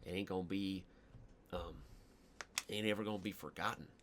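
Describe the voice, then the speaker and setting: A man's voice: low-pitched, fairly even intonation, normal speed, background noise. Playful man commentating live chess. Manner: playful, jokey, rambling. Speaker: chess streamer.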